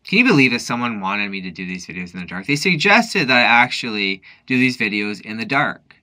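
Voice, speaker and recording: Tipsy man in a bright put-on Irish brogue. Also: lowish voice, very animated. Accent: put-on Irish, drifting to Newfoundland. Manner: rambling, halting, with many restarts. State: drunk. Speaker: vlogger. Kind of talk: rambling late-night monologue.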